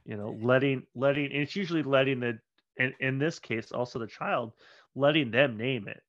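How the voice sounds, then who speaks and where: Male co-host, middle pitch, relaxed chatter, slightly dull recording. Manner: chatty, lots of "you know" and quick agreement. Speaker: podcast co-host. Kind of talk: casual discussion.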